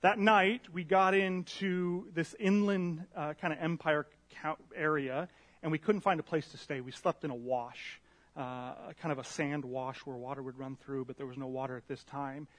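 Brief: higher-pitched male preacher, animated storyteller, pokes fun at himself. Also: normal speed. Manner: animated, self-deprecating storyteller. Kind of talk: storytelling sermon. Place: church meeting room with a slide screen.

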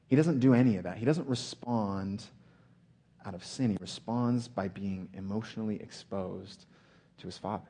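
Male preacher, earnest sermon delivery; low, husky, mellow tone. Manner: earnest, slows and drops to a hush for emphasis.

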